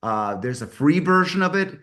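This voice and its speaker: A man's voice: a little high, big pitch swings, moderate pace, a bit bright. Rambling middle-aged man on a video call. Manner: rambling, self-correcting, enthusiastic. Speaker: mastermind group host. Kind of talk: casual online meeting talk.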